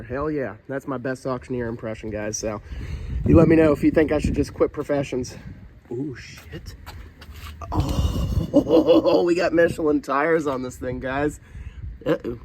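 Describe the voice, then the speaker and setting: A man's voice: on the high side, unhurried, rough recording. A young man, a used car dealer, chatting bluntly in a casual vlog as he walks around cars at an auction lot. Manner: blunt, swearing, salesman banter.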